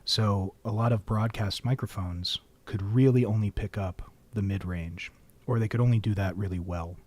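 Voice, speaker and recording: Man, deep voice, casual stream chat, wry rambling asides, close studio mic. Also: steady tone, moderate pace, darkish tone. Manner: rambling, wry, filling dead air.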